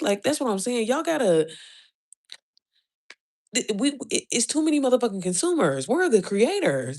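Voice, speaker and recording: A woman's voice: mid-range voice, a little mellow. A woman with a mid-range voice delivers a casual motivational rant straight to her followers. She is blunt and profane, firing off rhetorical questions. Short laughs keep breaking into her preaching. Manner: quick laughs between points. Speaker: online business coach.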